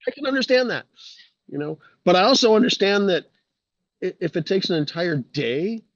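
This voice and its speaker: A man's voice: high voice, expressive, moderate pace. A man chatting as a guest on a casual talk show, easygoing with hesitant fillers. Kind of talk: casual podcast chat. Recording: dull lo-fi dry mic.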